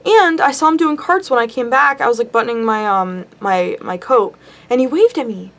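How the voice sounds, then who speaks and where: Young woman vlogger, chatty story to camera, a little high, breaks into giggles and squeals. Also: moderate pace, a bit bright.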